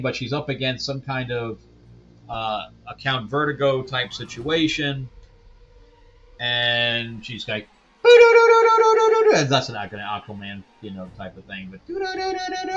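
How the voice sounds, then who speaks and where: A man's voice: mid-range voice, steady tone, normal speed, pushed and bright, lo-fi sound, faint music behind. Rambling man reviewing comics. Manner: rambling, filler-heavy, chuckling asides. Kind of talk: casual comic book review.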